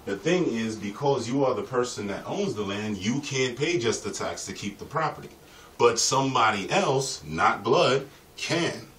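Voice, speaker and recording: A man's voice: mid-range voice, lively intonation, moderate pace, fairly bright tone, recorded from a distance. A man talks in a loose, profane, streetwise ramble straight to his own camera. He sits well back from the mic, and his voice rings in a roomy space. A faint hum of ambience runs underneath. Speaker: vlogger. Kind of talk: rambling vlog monologue.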